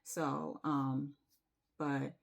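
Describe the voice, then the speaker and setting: A woman's voice: sits low, little pitch movement, extremely slow, gravelly. A woman, telling her viewers a personal story in a confiding, emotional way and singing bits of a chorus. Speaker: spiritual vlogger.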